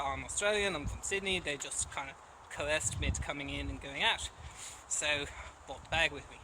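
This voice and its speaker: A man's voice: fairly high pitch, noisy background. A man with a Dublin Irish accent, chatting casually to camera at home in a rambling, self-deprecating way. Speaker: vlogger.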